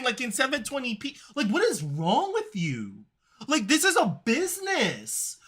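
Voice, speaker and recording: A game streamer ranting casually late at night, exasperated and animated, repeating "like" and whole phrases. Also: medium pitch. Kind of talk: casual late-night rant while gaming.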